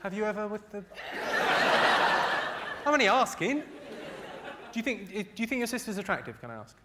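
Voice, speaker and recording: A man doing stand-up comedy on stage, firing off deadpan one-liners and teasing audience members in a large theatre. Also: high-pitched, moderate pace. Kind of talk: stand-up comedy roast with crowd work. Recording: loud laughing crowd, live noise.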